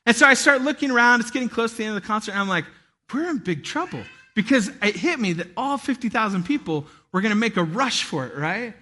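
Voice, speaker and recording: Animated high-voiced male pastor. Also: fast, few pauses. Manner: animated, laughing storyteller with acted-out shouts. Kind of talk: sermon with storytelling.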